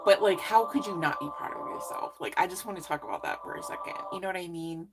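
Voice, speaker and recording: A woman's voice: fairly low pitch, expressive, quick pace, over music, rough recording. A woman giving a casual live psychic reading, effusive and encouraging, chatty with lots of fillers. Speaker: psychic reader.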